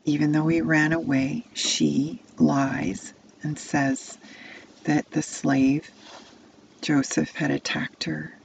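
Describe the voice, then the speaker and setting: Woman narrator for kids' Bible story, slow, gravelly, dull lo-fi sound. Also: low-pitched, a little hiss or hum. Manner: second-person immersive storytelling. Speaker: children's storyteller. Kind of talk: telling a Bible story to children.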